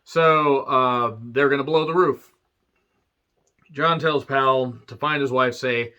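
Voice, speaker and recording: Male reviewer, casual profane plot recap, tense bright tone, muffled lo-fi sound. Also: mid-range voice, steady tone, slow, clean tone. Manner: profane, joking asides, many fillers. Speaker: movie reviewer. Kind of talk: casual rambling movie recap.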